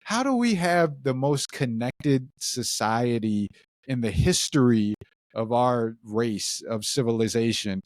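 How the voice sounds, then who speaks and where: Low-voiced man rambling through questions. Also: no echo, studio quality. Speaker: podcast co-host. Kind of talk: candid podcast conversation.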